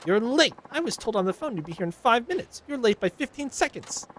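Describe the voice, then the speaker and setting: A man's voice: sing-song, brisk, fairly bright tone, a little hiss or hum, exaggerated voice. A man reading game lines aloud, voicing a rude, impatient woman passenger who nags and complains. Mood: irritated. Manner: shrill, nagging, huffy.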